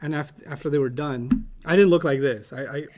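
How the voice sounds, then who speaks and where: A man's voice: fairly high pitch, fairly quick, darkish tone. A man teaching Arabic vocabulary in a casual class, quizzing students and telling humorous stories.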